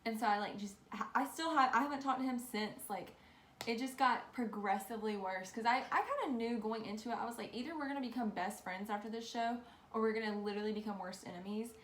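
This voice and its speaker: A young woman telling a rambling storytime, animated and full of "like". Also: a little high, fast talker, a little hiss or hum. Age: young adult. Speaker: vlogger. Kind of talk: casual storytime. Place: bedroom. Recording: echoey room with faint ambience.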